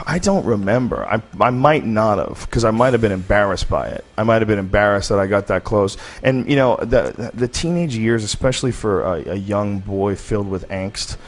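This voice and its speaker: A man from the United States hosts a casual podcast, telling personal stories in a candid, profane, rambling way. His voice is fairly low, and he speaks at a moderate pace.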